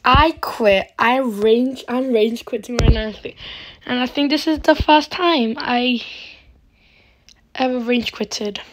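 Slow-talking woman with a higher voice. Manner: chatty and dramatic, talking to viewers. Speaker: gaming channel host. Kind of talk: casual gameplay commentary.

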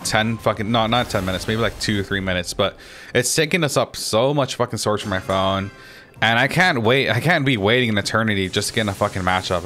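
A young man giving casual gameplay commentary, swearing and ranting at opponents, his voice climbing when he gets agitated. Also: fairly bright tone. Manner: restarts and fillers, rises in pitch when agitated. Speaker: gaming commentator.

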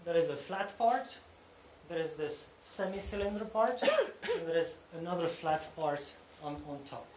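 A man presents at a technical conference, walking through each point step by step and pausing to check that the audience is following. His voice sits somewhat high. The hall around him echoes, with a faint hum of room noise beneath. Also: very animated. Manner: explains step by step, often checking in with "okay?". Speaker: conference speaker.

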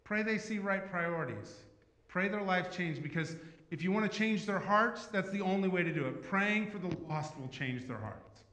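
A man preaching a sermon as pastor, talking in a conversational way that swings from emphatic to hushed. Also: high voice, expressive, moderate pace. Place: church sanctuary. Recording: echoey church hall.

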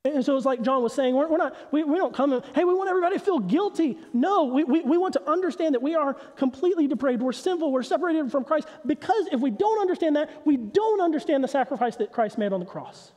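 Male pastor, 30s, high voice, lively story-driven sermon in a reverberant sanctuary. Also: quick pace, few pauses, lo-fi sound. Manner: animated storytelling, acts out his son's confused voice. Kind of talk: sermon with personal stories. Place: church sanctuary.

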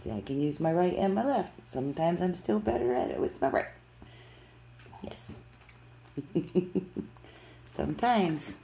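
A woman's voice: lowish voice, lively intonation, unhurried, gravelly, pauses often, dark tone, a little hiss or hum. A woman filming her foster kittens at home on her phone, calling to them in coaxing baby talk and laughing often. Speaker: pet foster carer. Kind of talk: casual pet vlog.

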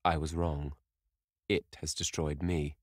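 A man voicing a bitter, despairing young man who speaks low and brooding. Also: flat delivery, slow pace, no echo, clean studio sound, exaggerated voice.

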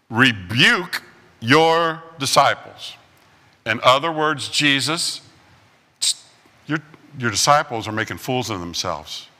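A man preaching a sermon as pastor, telling stories with acted-out quotes and lively swings in delivery. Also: mid-range voice, big-room sound. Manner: animated storytelling with acted-out quotes. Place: church sanctuary.

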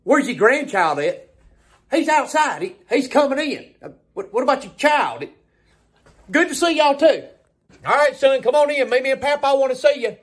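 A young man plays an exasperated dad in a one-sided comedy sketch. His voice sits very high for a man, and he keeps scolding and questioning people we never hear. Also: lively intonation, moderate pace. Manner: exasperated dad, talks to unheard parents and child.

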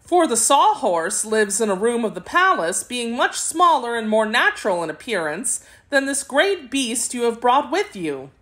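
A pert, pretty young palace maid from a storybook speaks brightly and politely, voiced by a woman reading aloud. Her voice lifts and swings as she talks, eager and sure of herself. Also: fairly high pitch, sing-song, normal speed, few pauses, voice pushed up. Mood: helpful.

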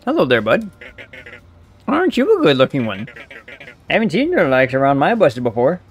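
Dude doing a folksy friendly bus depot guy from a game, rambly, voice raised up higher. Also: huge pitch swings, normal speed, faint music behind. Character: friendly chatty older male bus depot keeper.

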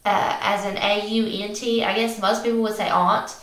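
A woman's voice: medium pitch, little pitch movement, moderate pace. A young woman from West Virginia with a West Virginia accent, chatting casually in a vlog with many fillers and small laughs. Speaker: beauty vlogger. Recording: echoey room.

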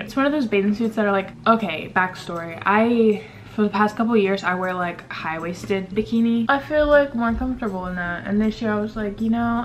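A young woman vlogging casually to the camera, rambling and chatty with lots of fillers while doing her makeup at home. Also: mid-range voice. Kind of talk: casual vlog chat.

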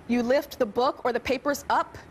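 A woman's voice: high-pitched, moderate pace. A woman in her thirties hosting a TV talk show, bubbly and teasing, laughing often as she interviews a guest. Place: TV studio with audience. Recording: studio with audience and background noise.

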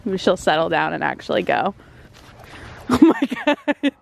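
A young woman vlogging casually at home, bubbly, often switching to high baby talk with her dogs. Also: very animated, unhurried, creaky. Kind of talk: casual vlog chat. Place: home, indoors and out in the snow.

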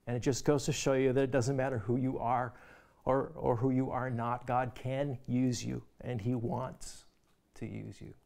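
A man's voice: medium pitch, flat delivery, normal speed, creaky. Conversational male pastor preaching. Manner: conversational, repeats words when starting phrases, drops to soft quiet emphasis. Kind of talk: sermon.

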